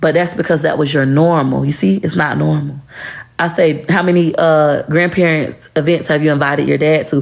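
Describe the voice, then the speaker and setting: A woman's voice: low-pitched, fairly even intonation, moderate pace, creaky. A woman speaking bluntly and heatedly to camera, cursing freely. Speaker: social media creator talking about her marriage. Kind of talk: candid monologue to camera.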